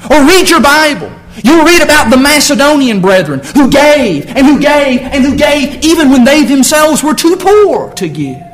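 A man preaching a sermon in church, fervent, swinging from low, intense talk to shouted exclamations. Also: rough recording.

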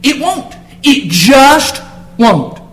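A man preaching a sermon in church, fervent, swinging from low, intense talk to shouted exclamations. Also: big pitch swings, very slow, rough recording.

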